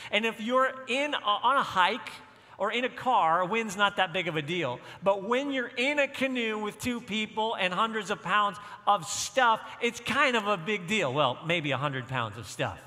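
A man's voice: high voice, sharp tone, in a large hall. A man pastor preaching a sermon, telling a personal story and driving points home with emphatic repetition. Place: church.

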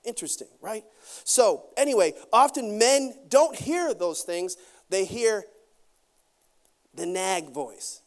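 A male pastor delivering a lively sermon to his congregation. He preaches with animation, slipping into acted-out quotes and quick asides. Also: sits high.

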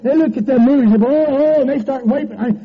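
A man preaches a revival sermon with a very high, strained voice. He is folksy and animated and swings from loud to soft. The sound is an echoey church sanctuary on dull, muffled old tape. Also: racing, over a noisy crowd.

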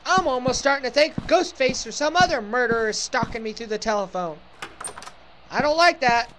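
A high-pitched woman narrates her play-through of a horror game, joking and sarcastic as she goes. She talks back to the game as if it could hear her. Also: animated, a little fast, fairly bright tone, a little hiss or hum. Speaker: let's play gamer. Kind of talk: casual gameplay commentary.

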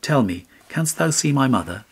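A man's voice: mid-range voice, big pitch swings, moderate pace, breathy edge, voice pushed up. A man voicing a ragged remorseful boy who pleads in sorrow, in a read storybook. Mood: pleading.

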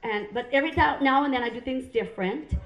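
A woman's voice: high voice, quick pace, highs cut off, faint music behind. A middle-aged woman from Hawaii, doing stand-up comedy on a club stage, punchy and self-mocking as she chats with the crowd. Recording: roomy club sound.

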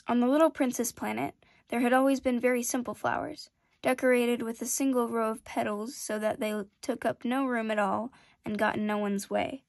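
A woman reading a classic children's novel aloud in a gentle, measured storytelling manner. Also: fairly high pitch, steady tone, creaky, dry recording. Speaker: storybook reader.

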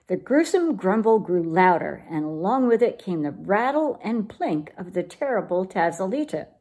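A woman reading a children's picture book aloud in an expressive, lively way. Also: mid-range voice, moderate pace, slightly rough. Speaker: storyteller.

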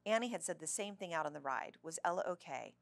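A woman reads a children's novel aloud, giving the story expressive life. Her voice sits low with a gravelly edge. The sound is dry and close. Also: fast talker, no room sound.

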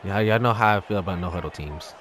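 A man giving live commentary over his own gameplay as a YouTuber, ranting in exasperation and swinging between muttering and shouting. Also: sits low, quick pace, a little hiss or hum. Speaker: gaming YouTuber.

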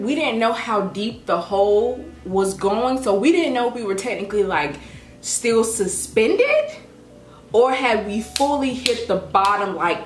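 A young woman vlogger telling a story in a casual, dramatic, animated way. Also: mid-range voice. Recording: echoey room with faint music.

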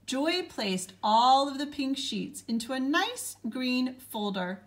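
A woman narrating a children's storybook aloud with a clear, gentle storytelling delivery. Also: high voice, sing-song, slow pace.

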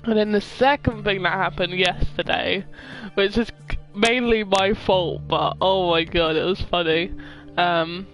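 Young game streamer, unhurried, rambling and quick to laugh, faint game music and hooves behind. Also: medium pitch, fairly even intonation, dull audio. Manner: rambling storyteller, laughs often, yells at the game. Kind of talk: live gameplay chat.

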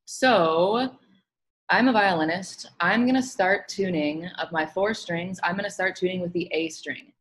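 Low-voiced woman teaching music. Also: unhurried, husky, rough recording. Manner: relaxed explaining with many fillers. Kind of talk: online music lesson.

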